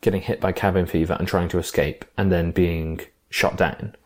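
A man's voice: low voice, little pitch movement, normal speed. A man co-hosting a casual film discussion podcast, talking with enthusiasm and thinking aloud with fillers and restarts.

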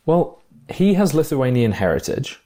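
A man's voice: medium pitch, very animated, unhurried, warm tone. A man co-hosting a casual film discussion podcast, talking with enthusiasm and thinking aloud with fillers and restarts.

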